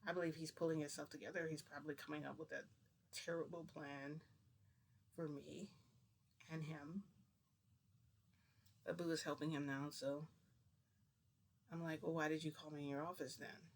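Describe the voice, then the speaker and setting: A man's voice: on the high side, flat delivery, normal speed, gravelly, long pauses, slight background noise. A man casually retelling a personal story to the camera, rambling and acting out dialogue with "I'm like" and "he goes". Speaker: vlogger.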